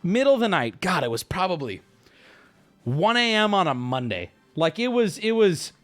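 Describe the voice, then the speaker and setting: Streamer guy in his 30s rambling thru a story, high voice jumping all over, some music quiet behind. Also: normal speed. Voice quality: animated, swearing, jokey. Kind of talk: casual storytelling to a live chat.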